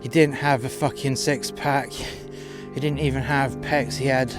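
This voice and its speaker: A man's voice: medium pitch, steady tone, a little slow. Blunt, foul-mouthed male storyteller. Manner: blunt, crude, heated. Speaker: storyteller, former doorman. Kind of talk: profane personal anecdote. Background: guitar music.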